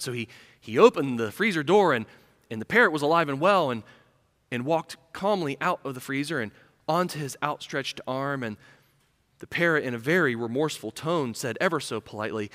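A male pastor preaching a sermon, telling a story earnestly and falling to a hush for emphasis. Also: medium pitch, expressive, fairly quick. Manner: storytelling, earnest, dropping to a hush on key lines. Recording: reverberant hall.

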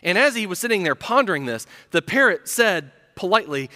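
Bright-voiced preacher in an echoing hall. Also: male voice, high voice, sing-song, brisk, hardly any pauses. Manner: storytelling, earnest, dropping to a hush on key lines. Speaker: pastor. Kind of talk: sermon. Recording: reverberant hall.

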